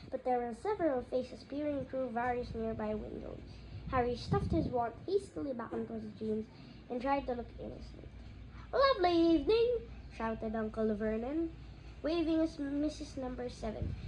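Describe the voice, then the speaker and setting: A woman's voice: fairly high pitch, background noise. A woman reading a novel aloud, with occasional slips and restarts. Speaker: audiobook reader. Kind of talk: fan audiobook narration.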